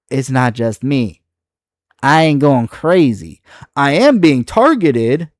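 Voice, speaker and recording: Exasperated video creator, profane rambling with restarts, higher-pitched man, dry close sound. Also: a little mellow, no room sound. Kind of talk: reacting to comments on video.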